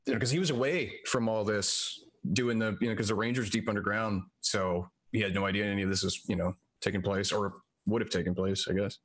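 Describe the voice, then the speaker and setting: A man's voice: on the low side, steady tone, a little fast, few pauses. A man playing in a tabletop game, chatting casually and hesitantly with lots of fillers. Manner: rambling, hesitant, many fillers. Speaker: player. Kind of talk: casual chat.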